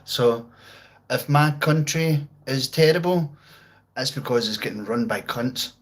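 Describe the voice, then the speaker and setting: A man's voice: medium pitch, a little slow, rough recording. A man with a Glaswegian Scottish accent chatting on a live stream, rambling and swearing in a jokey, laid-back way while reading out viewers' comments. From Scotland, outskirts of Glasgow. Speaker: livestreamer. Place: at home with guitar and amp.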